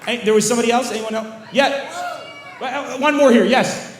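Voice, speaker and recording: A male stand-up comedian answering audience questions after a show, telling crude stories in an animated, shouty way on a stage mic. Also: extremely high pitch, fairly quick. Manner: animated, shouty storytelling with bursts of crude jokes. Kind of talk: post-show Q&A banter. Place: live venue stage with audience. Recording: roomy venue with faint crowd noise.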